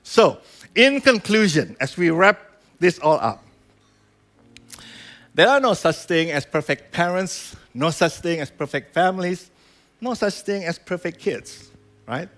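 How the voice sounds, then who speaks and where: High-voiced man preaching conversationally. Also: a bit bright. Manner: conversational preaching with frequent "right?" and "you know"; acts out quoted voices. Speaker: pastor. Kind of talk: sermon.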